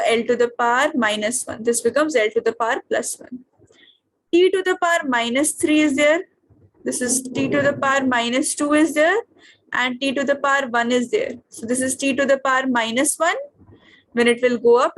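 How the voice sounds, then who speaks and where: A high-pitched woman with an Indian English accent teaches a physics class over a video call. She keeps stopping to ask her students what comes next and whether it is clear. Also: moderate pace. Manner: questioning, checks understanding often.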